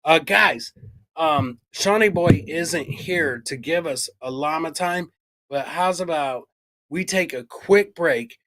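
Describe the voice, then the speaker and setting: A middle-aged man co-hosting a podcast, telling a true-crime story in a loud, profane, jokey way. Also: on the high side, takes it slowly. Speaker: podcast co-host. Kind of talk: casual true-crime chat.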